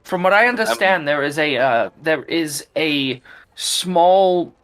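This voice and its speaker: Game master, man, bright voice, easy and halting delivery. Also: on the high side. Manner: relaxed, halting. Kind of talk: narrating a tabletop game.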